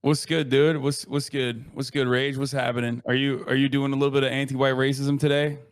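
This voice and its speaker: A man on a stream call, calmly explaining at length with plenty of fillers in casual chat. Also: mid-range voice, fairly quick.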